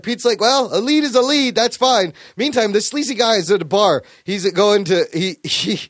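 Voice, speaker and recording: Man, high voice, dry close sound, animated profane storyteller, podcast host. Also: no echo. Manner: animated, profane storytelling with quick acted quotes. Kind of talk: casual comic book chat.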